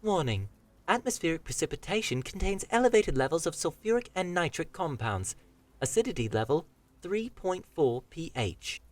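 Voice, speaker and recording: A man plays a calm female computer voice inside a sci-fi helmet, reading warnings in a clinical way. The voice is higher, with a lively melody. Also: moderate pace. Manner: even, clinical announcements.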